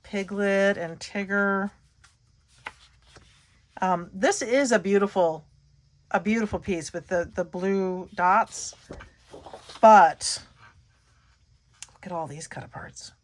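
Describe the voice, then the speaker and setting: A woman's voice: mid-range voice, takes it slowly, long pauses. A middle-aged woman, chatting casually as she shows scrapbook paper, gushing and trailing off mid-sentence. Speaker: scrapbooking channel host. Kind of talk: casual show-and-tell chat.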